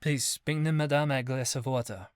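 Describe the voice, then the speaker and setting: A man voicing a nervous young man in disguise as a bank manager, speaking low and hushed. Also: fairly even intonation, normal speed, clear, resonant tone, no echo, close to an everyday voice.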